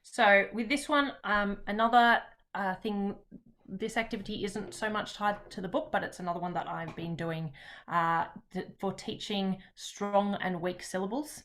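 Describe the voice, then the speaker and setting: On a video call, a woman leads a teaching workshop as an online webinar presentation. She speaks at an ordinary middle pitch, relaxed and chatty, pausing often.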